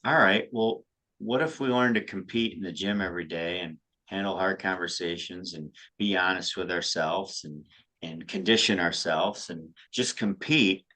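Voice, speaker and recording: A man who coaches high school softball, co-hosting a casual podcast chat, often restarting his sentences. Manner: halting, repeats words when starting sentences.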